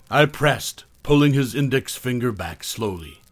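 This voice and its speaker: A man narrating a horror story in a measured, steady way. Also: medium pitch, no echo.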